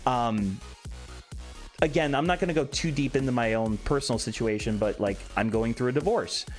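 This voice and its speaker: A man's voice: medium pitch, moderate pace. A young man casually chatting on a live stream, reading chat aloud with a joking, candid manner. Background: faint background music.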